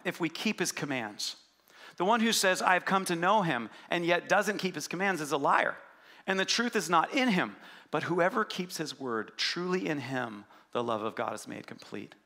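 A man preaching a sermon as pastor, swinging between loud urgent passages and quiet, low emphasis.

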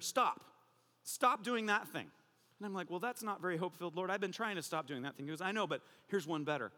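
Male pastor, high bright voice, lively conversational sermon, long hall reverb. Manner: animated, conversational preaching with playful asides.

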